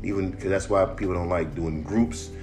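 A man's voice: deep voice, steady tone, normal speed, music in the background. A man ranting casually on a podcast, emphatic and full of profanity. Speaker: podcast host.

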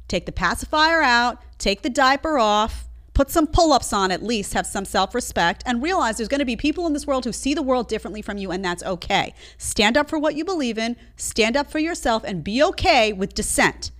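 A woman hosting a live opinion show, her pitch leaping up and down as she makes her points. She is emphatic and sarcastic and scolds her listeners. Her voice sits mid-range for a woman. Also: a bit bright. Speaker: show host.

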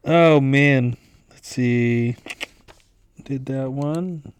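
A man co-hosts a podcast, telling crude stories in a laid-back, casual manner. His voice sits at a middle pitch and he swears freely. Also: very slow, clean tone, dry recording. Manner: laid-back, profane anecdotes. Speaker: podcast co-host. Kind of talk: casual storytelling.

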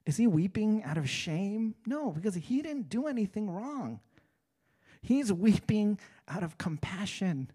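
A male pastor delivers a relaxed, conversational sermon. He peppers it with rhetorical questions. His delivery swings between loud, animated stretches and hushed, earnest ones. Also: high-pitched, a little slow, slightly rough. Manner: casual preaching with rhetorical questions and "right?".

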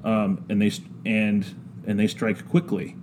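A man telling a story in casual podcast talk, slow and drawn out with frequent ums. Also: on the low side, level tone, background noise. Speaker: podcast guest discussing scripture.

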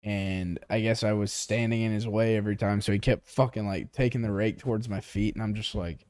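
Smooth, profane storytelling man. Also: on the low side, fairly quick, no room sound, clean studio sound. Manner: profane, animated storytelling with acted quotes. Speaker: podcast co-host. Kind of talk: casual chat. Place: tea shop.

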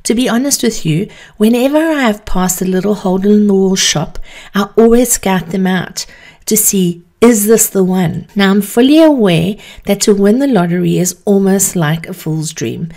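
A woman hosting a podcast, telling an encouraging story in a measured, unhurried way. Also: mid-range voice, mellow. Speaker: podcast host. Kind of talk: motivational storytelling.

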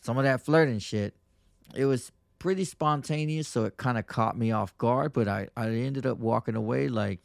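A man's voice: mid-range voice, normal speed, gravelly, no room sound, studio quality. Rambling, profane male podcast host. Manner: crude, rambling, profane slang. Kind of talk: casual podcast monologue.

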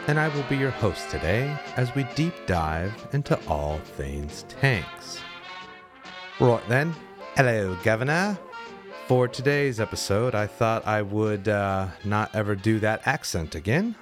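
A man hosting a solo history podcast, talking through the subject with wry, jokey asides. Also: fairly low pitch. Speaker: podcast host.

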